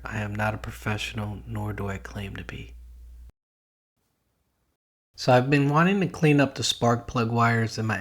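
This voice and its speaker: A middle-aged man with a fairly low pitch hosts a DIY car channel. He calmly narrates a project step by step in a plain, matter-of-fact manner.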